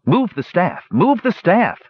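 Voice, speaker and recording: A young warrior who veers between panic and weary grumbling, voiced by a male storybook narrator. The voice sits well above the reader's own husky tone and leaps around as he complains. The recording is dry and a little muffled. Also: medium pitch, lively intonation, quick pace, no room sound, pitched above the performer's own voice, lightly acted. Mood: panicked. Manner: complaining, bitter, practical.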